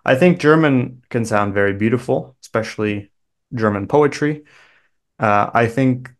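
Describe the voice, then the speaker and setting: A Canadian man, a guest English teacher, talking slowly and clearly for learners in a thoughtful, explaining way. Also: lowish voice. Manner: measured, thoughtful, explains carefully. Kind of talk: slow clear conversation for learners.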